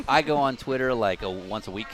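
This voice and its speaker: A man's voice: medium pitch, fairly quick. A man in his thirties hosting a podcast, rambling and self-deprecating in casual chat. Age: 30s. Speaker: podcast host.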